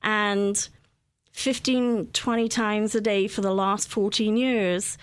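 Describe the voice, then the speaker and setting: A middle-aged woman with a Welsh accent talks as an interview guest, her speech chatty and loose, full of ums, "you know"s and restarts. Her pitch sits in an ordinary middle range. The sound is dry and close, with no room echo. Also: steady tone, slow pace, clean tone. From Wales. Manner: chatty, with many fillers and restarts. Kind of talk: conversational interview.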